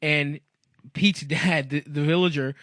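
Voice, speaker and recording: A man's voice: a little high, steady tone, measured pace, a bit bright, dry recording. A man chatting on a comedy podcast, rambling through an anecdote with frequent laughter and crude jokes. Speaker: podcast co-host. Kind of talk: casual comedic podcast chat.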